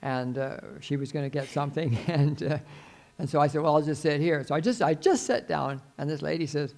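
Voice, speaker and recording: An older man preaching a sermon as pastor, earnest and pleading, his voice swelling suddenly loud and then dropping soft. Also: a little high, moderate pace, gravelly.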